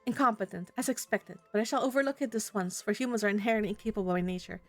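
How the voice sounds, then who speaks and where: A woman's voice: mid-range voice, rapid-fire, soft background music, natural voice. A woman voicing a haughty male knight who talks down to a human squire in formal, old-fashioned phrasing, as in a game read-aloud. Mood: condescending. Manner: formal, archaic, disdainful phrasing. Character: haughty, pompous male knight, cold and condescending.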